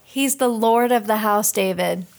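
A woman's voice: mid-range voice, measured pace, vocal fry, background noise. A woman, the podcast's producer, chiming in casually with hesitant fillers and corrections. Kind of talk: casual chat.

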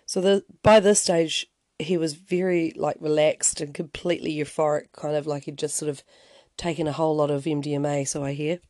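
Mellow-voiced man spinning a rambling tale. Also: a little high, little pitch movement, a little fast, no echo. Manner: conversational, rambling, frequent restarts and "you know"; wry asides. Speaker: podcast host. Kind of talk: casual storytelling podcast.

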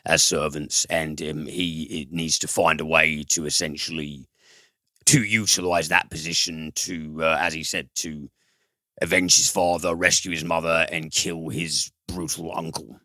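A man's voice: rumbling low, level tone, a little slow, pushed and bright, no echo. A man reviewing a film in casual chat, rambling and profane, with frequent fillers and restarts.

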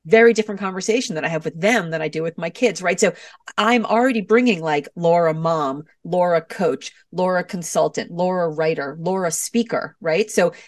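A woman's voice: on the low side, normal speed, no room sound, clean studio sound, far from the mic. A middle-aged woman, an author and podcast guest, talking animatedly and acting out voices as she tells stories. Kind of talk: podcast interview.

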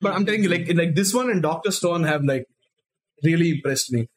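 A man co-hosting a podcast, retelling a story in a casual, excited, swearing chat. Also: fairly high pitch, fairly quick. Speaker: podcast co-host.

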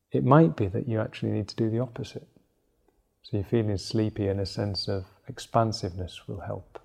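Gravelly, low-voiced male meditation teacher. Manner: relaxed, thinking aloud, soft asides. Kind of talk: explaining meditation to a class. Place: meditation class.

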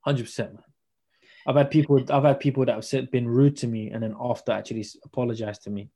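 Young trainer guest, rapid and mellow, casual chat full of slang. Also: male voice, medium pitch, fairly even intonation. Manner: slangy, storytelling, acts out dialogue. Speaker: podcast guest, personal trainer.

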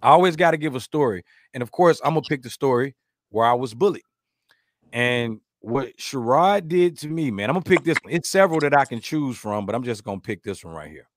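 A man hosting a podcast, chatting casually, joking, rambling through stories and giving shout-outs to listeners. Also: medium pitch, animated, a little fast, no room sound. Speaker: podcast host.

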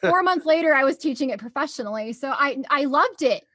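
A woman's voice: high-pitched, expressive, a little fast, a bit bright, no echo, clean studio sound. A young woman telling stories in a casual chat, bubbly and laughing often.

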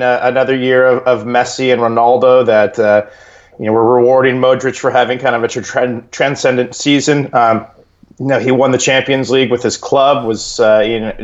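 A man's voice: mid-range voice, muffled recording. A man as a guest on a casual sports podcast, talking hesitantly with many fillers and restarts.

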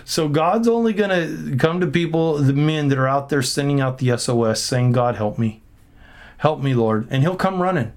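A man's voice: on the high side, expressive, brisk, few pauses. Earnest preaching pastor, man. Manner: earnest, exhorting, repeats phrases for emphasis. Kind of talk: preaching in podcast conversation.

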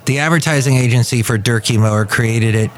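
A man's voice: mid-range voice, fairly quick. Rambling male podcast host. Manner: rambling, tangent-prone, self-correcting. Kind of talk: casual news chat.

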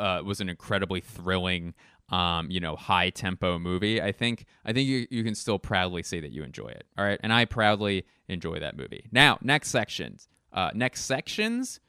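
A man's voice: lowish voice, sharp tone, clean tone, no room sound, studio quality. A young man hosting a podcast, riffing in a rambling, sardonic way and swearing casually. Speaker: podcast host. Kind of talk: casual comedic monologue.

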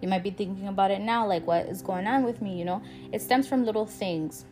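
A woman's voice: medium pitch, fairly quick, over music. A young woman hosting a podcast, talking about her own life in a candid, emotional way, swearing freely and laughing now and then. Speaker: podcast host. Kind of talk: casual personal monologue.

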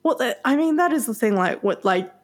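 A woman's voice: on the high side, expressive, a little fast. A woman co-hosting a podcast in casual chat, chatty and teasing, often giggling. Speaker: podcast co-host.

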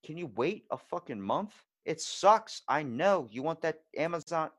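A man's voice: a little high, lively intonation, measured pace, a bit bright, no echo, studio quality. A man hosting a podcast, talking bluntly and casually, swearing freely as he tells stories. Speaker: podcast host. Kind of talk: casual conversation.

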